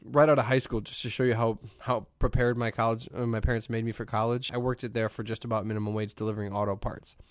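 Middle-aged male podcast co-host, easygoing and chuckling, mid-pitched voice, dry close mic. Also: little pitch movement, fast, hardly any pauses, clear, resonant tone, dry recording. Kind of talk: casual chat.

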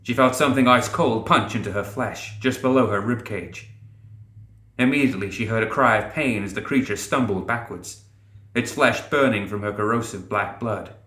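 A man narrating a dark fantasy story in a steady, dramatic way. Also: on the low side, moderate pace, echoey room. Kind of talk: scripted narration.

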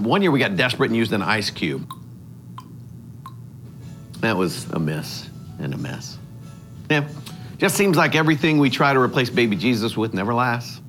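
A man acting as a goofy, oblivious dad in a comedy sketch, talking in an excitable, rambling way. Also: mid-range voice, creaky. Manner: excitable, rambling, lively delivery.

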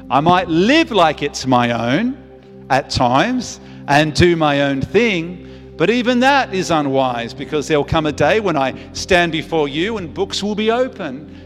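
A man's voice: high voice, in a large hall. A man in his fifties, a pastor preaching a sermon, earnest and repeating phrases for emphasis. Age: 50s.

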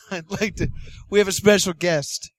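A man's voice: sits high, fairly even intonation, measured pace, dry recording. A man hosting a comedy podcast, playful and mock-formal, laughing often. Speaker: podcast host. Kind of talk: casual comedy podcast chat.

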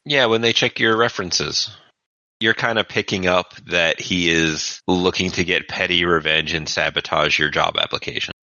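A man's voice: sits low, moderate pace, pushed and bright, no echo, highs cut off. A man serving as game master who narrates a tabletop game in a casual, descriptive way.

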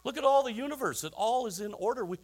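A man's voice: very high voice, expressive, fast. A middle-aged man preaching a sermon, telling stories with chuckling asides and rhetorical questions to the congregation. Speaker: pastor.

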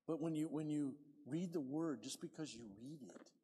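High-voiced preacher man in a hall. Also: normal speed, slightly rough. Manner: lively, calls for amens, swings from quiet to loud. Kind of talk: sermon.

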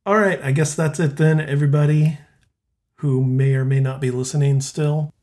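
A man's voice: on the high side, steady tone, moderate pace, a little mellow. Easygoing podcast host man. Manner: easygoing, chuckles often. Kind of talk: casual chat.

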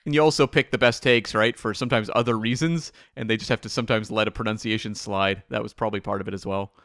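A man co-hosting a podcast in relaxed, agreeable casual chat, musing aloud. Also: on the low side, fast, no room sound, studio quality. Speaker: podcast co-host.

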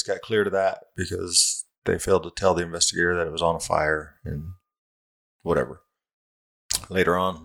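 A man's voice: deep voice, gravelly, a bit bright. A middle-aged man, a fire captain, telling his story in a blunt, profane, self-mocking way in a casual interview. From Southern California.

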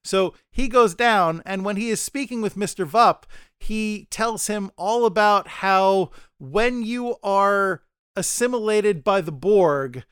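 A man's voice: high voice, takes it slowly, fairly bright tone, smooth, no echo, clean studio sound. A man co-hosting a casual podcast discussion, rambling and often stammering as he restarts his sentences. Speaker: podcast co-host.

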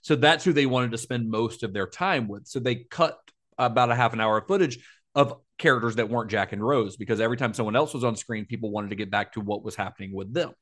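A man's voice: mid-range voice, quick pace, fairly bright tone. A man co-hosting a podcast, retelling film history in a casual, informative way with asides. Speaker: podcast co-host.

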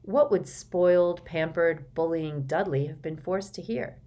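A woman with a fairly low-pitched voice reads an audiobook, delivering the scripted narration in a measured, even storytelling style.

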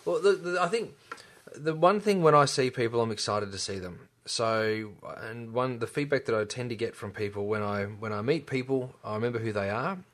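Speaking at a normal speed in a mid-range, fairly bright voice, this enthusiastic middle-aged man is a chiropractor co-hosting a podcast. The talk is a casual, chatty conversation full of restarts.

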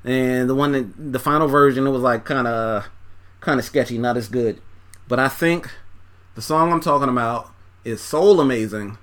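A man's voice: medium pitch, normal speed, a bit bright. Laid-back man rambling through an album review. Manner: loose, profane and rambling, with many fillers; talks while folding laundry. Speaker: music reviewer. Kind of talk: casual track-by-track album review.

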